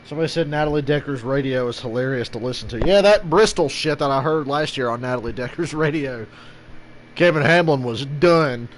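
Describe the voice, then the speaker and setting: A man's voice: mid-range voice, fairly quick, slight background noise. A man ranting casually through a live race reaction, swearing without a second thought. His voice sits in an ordinary middle range and stays offhand and frank. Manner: blunt, ranting, swears often.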